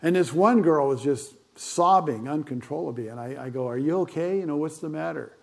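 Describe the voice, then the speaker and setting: An older male pastor preaching in a loose, conversational way, dropping in fillers and little asides. His voice sits a touch higher than most men's. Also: fairly quick, gravelly, a little mellow. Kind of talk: sermon.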